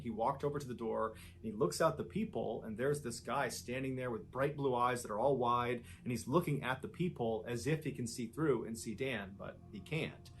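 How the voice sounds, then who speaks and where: Man, true-story narrator, steady, conversational, mid-pitched. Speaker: storyteller in a played video.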